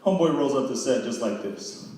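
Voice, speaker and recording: A man's voice: mid-range voice, lively intonation, a little fast, warm tone. A man hosting a church comedy show, telling loose, slangy stand-up stories and acting out his friends' voices. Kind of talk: stand-up comedy with character bits. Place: church hall with a live audience. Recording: echoey hall, far from the mic, crowd noise. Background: audience laughter.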